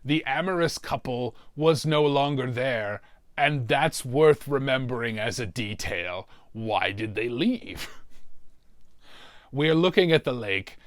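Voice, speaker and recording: A man's voice: medium pitch, animated, no room sound, clean studio sound. A man playing a demonic torturer who hosts a mystery show and tells a comic story about suffering. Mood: wry. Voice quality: gravelly, slow, relishing talk of suffering. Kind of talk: comedic in-character storytelling.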